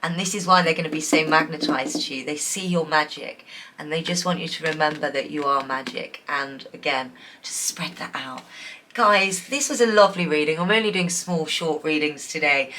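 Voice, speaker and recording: A woman doing a pick-a-card tarot reading to camera, chatty and encouraging, laughing often and filling pauses with ums. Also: low-pitched, slight background noise. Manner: chatty, giggly, warm and encouraging, many fillers. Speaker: tarot reader.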